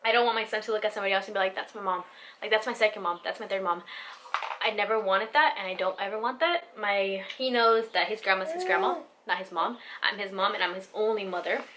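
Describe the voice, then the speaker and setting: A woman's voice: medium pitch, fast, bright, forceful tone, slight background noise. A young woman, a vlogger and new mother, talking candidly and from the heart to camera, swearing casually and filling her talk with "like" and "you know". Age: young adult.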